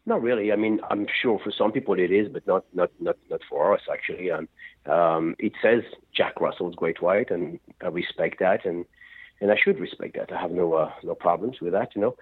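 Deep man on a tinny phone line. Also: fairly quick, husky. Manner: rambling, laughs often. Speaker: rock singer, interview guest. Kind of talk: phone-in radio interview.

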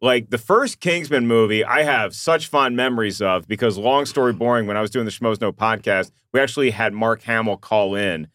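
A man's voice: mid-range voice, normal speed, hardly any pauses, fairly bright tone, dry recording, clean studio sound. Enthusiastic male podcast host. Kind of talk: casual podcast chat.

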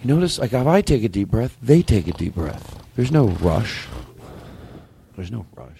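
A man hosting a comedy chat, rambling and animated as he works out a bit, with bursts of laughter. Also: fairly low pitch, moderate pace, vocal fry, slight background noise. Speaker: comedian host.

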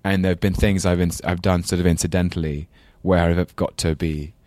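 A man's voice: low voice, fairly even intonation, a little fast, dark tone, dry recording. A man with a London English accent, a guest actor chatting in a rambling, self-deprecating way. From England. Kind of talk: casual chat.

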